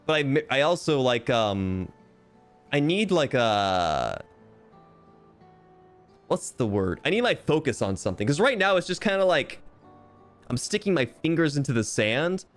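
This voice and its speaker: A young man casually chatting on a game livestream, animated, swearing freely and joking at himself. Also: mid-range voice. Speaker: game streamer. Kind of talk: casual livestream chat while reading game text aloud.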